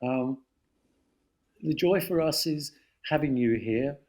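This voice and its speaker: A man in his seventies from London's East End with a London accent, a guest telling lively anecdotes and slipping into voices. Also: medium pitch, slow. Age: 70s. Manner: animated storyteller, slips into voices. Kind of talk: casual anecdote.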